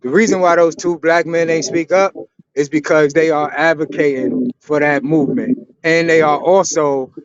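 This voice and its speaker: A man with a smooth, fairly high voice answers chat comments on an online panel. He explains his view steadily and bluntly, and the sound is dry and muffled. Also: a bit bright, no room sound. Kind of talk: opinion talk. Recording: dry, dull lo-fi online audio.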